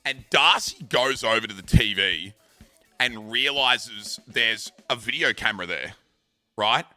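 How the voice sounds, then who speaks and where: A man's voice: lowish voice, a little slow, no echo, faint music behind. A man in his thirties, a streamer, animatedly telling a long story, swearing casually and acting out what people said. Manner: animated, swears, acts out shouts.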